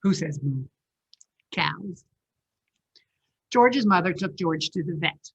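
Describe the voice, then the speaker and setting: A woman librarian reads a picture book aloud to young children, taking her time and letting her voice rise and fall with a lot of play. Her tone is slightly husky, and she keeps stopping to quiz the kids. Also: fairly low pitch, takes it slowly, muffled recording. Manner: animated, asks the children questions.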